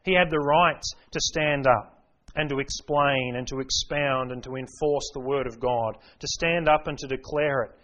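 A man's voice: medium pitch, fairly even intonation, normal speed, a bit bright. A man preaching an expository sermon, explaining scripture in an earnest, emphatic way. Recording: dull lo-fi recording.

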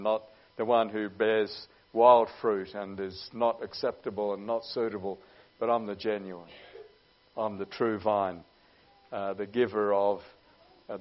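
A man preaching a sermon in an earnest way, often pausing with "uh" as he goes. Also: lowish voice. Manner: earnest, with many "uh" pauses. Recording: dull lo-fi recording.

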